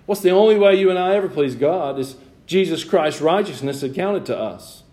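A man's voice: fairly high pitch, lively intonation, normal speed, a little mellow. Man preaching a sermon. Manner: preaching, rising and falling emphasis with asides to the congregation. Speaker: pastor.

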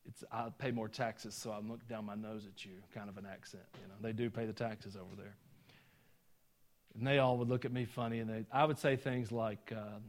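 A middle-aged man with a Southern Georgia accent preaching a sermon, folksy and self-deprecating, telling personal stories with chuckling asides. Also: mid-range voice. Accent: Southern US (Georgia, some Tennessee). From Georgia, USA. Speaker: pastor.

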